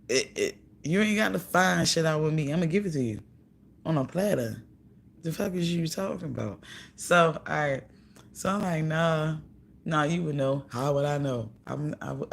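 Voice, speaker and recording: A woman's voice: deep voice, creaky, husky. A woman telling a story in a casual, profane rant, giggling and mimicking what others said. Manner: profane, giggly, animated retelling with mimicked dialogue. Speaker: vlogger.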